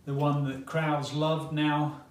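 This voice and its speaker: A man's somewhat high voice, flat in delivery, carries from afar across a spacious church hall over faint ambient sound. He is giving a sermon, dramatically telling a story at a very slow, deliberate pace and leaving long pauses.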